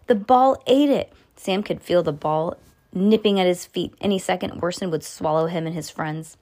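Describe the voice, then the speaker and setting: Woman reading a children's book aloud. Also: moderate pace. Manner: expressive read-aloud with pitch jumps for dialogue; casual asides about the book. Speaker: reader.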